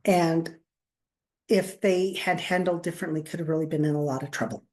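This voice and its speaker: Casting: a woman podcast host, animated storyteller who voices the people in her anecdotes, laughs a lot. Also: low voice, fairly quick. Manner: animated storyteller, acts out quotes, laughs often. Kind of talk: casual chat, storytelling.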